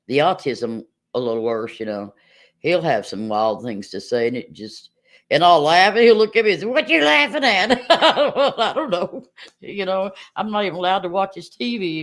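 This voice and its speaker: A middle-aged woman chatting casually with viewers on a livestream, telling stories and laughing often. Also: extremely low pitch.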